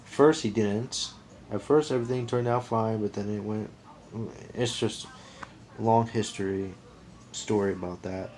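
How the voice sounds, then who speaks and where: A man's voice: mid-range voice, darkish tone. An American man delivering a rambling, repetitive, opinionated monologue to his viewers, often restarting and repeating himself. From United States. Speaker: vlogger. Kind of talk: casual monologue to camera.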